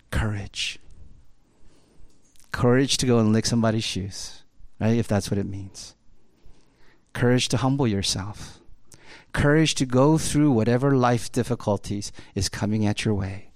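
A man preaching a sermon in a conversational way, often tagging "right?" and swinging between urgent, louder passages and hushed, intense ones. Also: mid-range voice, normal speed, pauses often, dry recording. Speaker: pastor.

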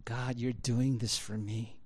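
A man's voice: medium pitch, level tone, slow. A man pastor preaching a sermon in a casual, conversational way, often checking in with "right?" and building to impassioned emphasis.

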